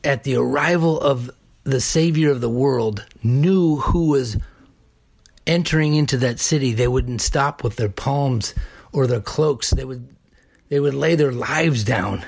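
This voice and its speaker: A man preaching a sermon deliberately, building emphasis through repeated phrases. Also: mid-range voice, creaky, darkish tone, slightly rough. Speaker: pastor.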